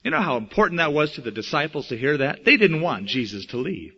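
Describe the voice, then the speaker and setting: A man preaching a sermon in an emphatic, animated way, slowing and speeding up for effect, on a dull lo-fi recording. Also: a little high. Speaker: pastor.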